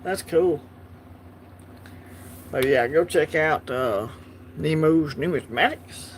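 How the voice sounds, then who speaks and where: Taking his time, a man with a fairly high voice and a Southern US accent hosts a casual livestream, with a little hiss or hum audible. He's talkative and relaxed, responding to viewer comments as they come.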